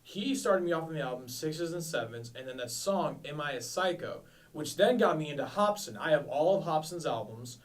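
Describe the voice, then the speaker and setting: A man's voice: on the high side, animated, moderate pace, hardly any pauses, far from the mic, low-quality recording. A man in his twenties co-hosting a podcast, chatting casually in a rambling, self-deprecating way. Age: 20s. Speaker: podcast co-host. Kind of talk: casual chat.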